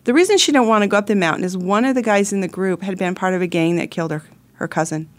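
A woman's voice: medium pitch, fast talker. A middle-aged woman host telling a personal story in an earnest, heartfelt way, often restarting her sentences.

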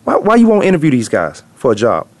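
A man hosting a casual sports talk show, emphatic and teasing, dropping low for asides. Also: huge pitch swings, fast talker.

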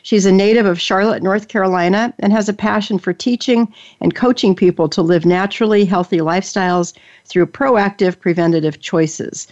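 A woman's voice: mid-range voice, normal speed, darkish tone. An older woman hosting an interview show, chatty and enthusiastic, often restarting her sentences. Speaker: podcast host. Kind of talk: casual interview chat. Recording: dull lo-fi audio.

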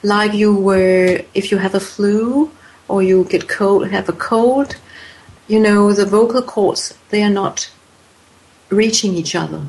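A woman speaks slowly in an interview, weighing each phrase. She pauses often and restarts her sentences. Her tone stays thoughtful as she explains. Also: mid-range voice, steady tone, a little mellow, low-quality recording. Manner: hesitant, many fillers and restarts. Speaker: voice expert guest. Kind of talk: interview answers.

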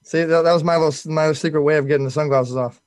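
Guy hosting a chatty talk show, talks super fast, kinda high voice, dry close sound. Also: crowd noise. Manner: fast, excitable, repeats words when starting. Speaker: host. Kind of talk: casual talk show chat.

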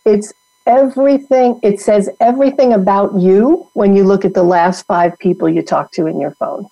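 Mellow-voiced woman coaching emphatically. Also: mid-range voice, moderate pace, vocal fry, no echo, rough recording. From New York. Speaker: guest, women's network founder. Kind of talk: motivational podcast talk.

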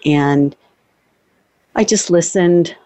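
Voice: medium pitch, drawn-out words, mellow, dry recording, poor audio. Host telling stories in a dry, close sound. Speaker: podcast host, former ICU and bereavement worker. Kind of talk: casual interview conversation.

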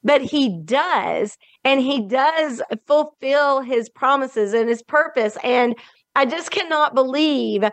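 A woman's voice: high voice, dry recording. A woman hosting a faith interview, speaking in an emotional, reflective way. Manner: emotional, reflective, slow and deliberate. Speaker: podcast host.

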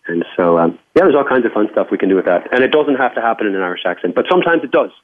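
A man's voice: lowish voice, animated, very fast. A man guest talking casually and upbeat about play at work, with many restarts. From Canada. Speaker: podcast guest, speaker on workplace play. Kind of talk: casual interview talk. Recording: tinny phone line.

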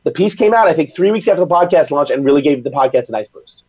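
A man chatting as a podcast guest, telling stories in quick bursts with lots of restarts. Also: fairly high pitch, slightly rough. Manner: rapid, animated storytelling with frequent restarts. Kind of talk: casual chat.

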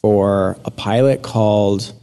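A male actor guest on a radio interview with a fairly low voice. His tone is mellow and warm, and he tells stories in an easygoing way, with fillers as he goes. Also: takes it slowly. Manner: relaxed storyteller with fillers and soft laughs. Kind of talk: casual interview chat.

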